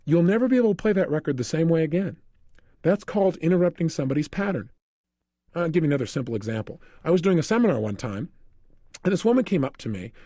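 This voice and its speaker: High-voiced guy giving a motivational talk, animated storyteller, dry close sound. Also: fast, no room sound. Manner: animated storyteller, acts out scenes. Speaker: motivational speaker.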